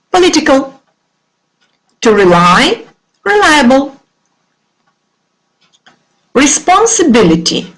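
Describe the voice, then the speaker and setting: A Russian-accented woman teaching English online, her voice sitting a little high. She reads word pairs slowly, as if dictating, and her intonation rises and falls a lot. She moves easily between English and Russian. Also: poor audio. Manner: slow, careful dictation-like delivery of word pairs. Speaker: English teacher leading a webinar. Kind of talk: online vocabulary lesson.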